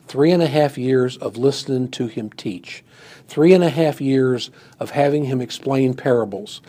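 A man's voice: medium pitch, warm tone, husky. A man preaching a sermon and teaching a Bible passage in a conversational way, with many "you know"s, who acts out the quoted lines with rising emphasis. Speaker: pastor.

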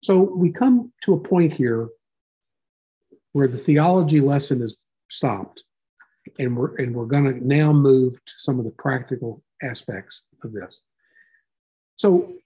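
A man with a husky, mellow voice teaches a small Bible class. He reads scripture aloud and then unpacks it in a relaxed, conversational tone, as if talking with the people in the room. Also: medium pitch.

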